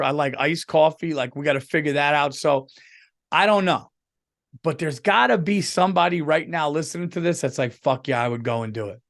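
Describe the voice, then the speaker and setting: A man hosting a podcast, rambling through a casual comedic monologue with lots of swearing and restarts. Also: on the high side. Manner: rambling, profane, full of restarts. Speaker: podcast host. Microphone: podcast microphone, on camera.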